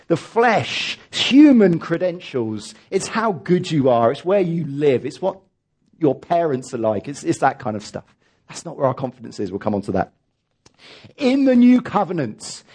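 A man's voice: high-pitched, breathy edge. A man preaching a sermon as pastor, emphatic and leading his congregation in reading aloud.

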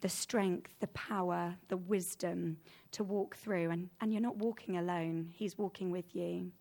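Woman, preacher, sermon, earnest, conversational, animated with everyday examples. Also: lowish voice, a little slow, vocal fry.

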